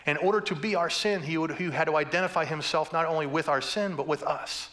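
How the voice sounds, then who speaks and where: A man's voice: a little high, fast, fairly bright tone. A man preaching a sermon as pastor, passionate and building to fervent emphasis, with playful humor between points.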